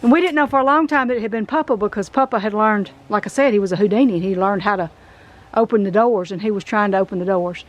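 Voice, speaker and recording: A woman's voice: mid-range voice, fast talker, lo-fi sound. A middle-aged woman with a Southern US accent, chatting folksy and emotional as she walks through an old house for her vlog. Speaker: vlog host. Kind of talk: casual vlog walkthrough. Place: outdoors at an abandoned house.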